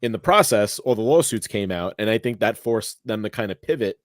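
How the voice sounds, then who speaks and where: A man's voice: on the low side, animated, a little fast, dry recording, studio quality. A man co-hosting a live podcast in casual chat, easygoing, steering the show from one segment to the next. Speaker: podcast co-host.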